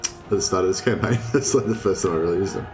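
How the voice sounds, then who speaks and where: A man's voice: deep voice, fast talker. A man chatting casually and thinking aloud with lots of ums while streaming a co-op strategy game. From Australia. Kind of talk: casual co-op gameplay commentary. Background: game music.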